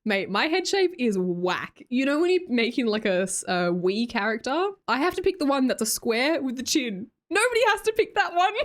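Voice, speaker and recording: Young Australian woman, casual livestream chatter, quick to laugh and squeal. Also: very animated. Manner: chatty, laughs often, breaks into high squeals. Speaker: streamer. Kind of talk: casual chat reading live chat.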